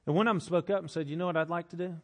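A middle-aged man preaching a sermon. He swings from hushed to loud and slows down to stress his points. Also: a little high, fairly even intonation. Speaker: pastor.

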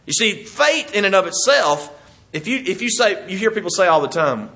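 Man preaching, bright and slightly high voice, homey and chatty. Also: wildly swooping pitch, moderate pace. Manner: folksy and conversational, chuckles while teaching. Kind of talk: sermon.

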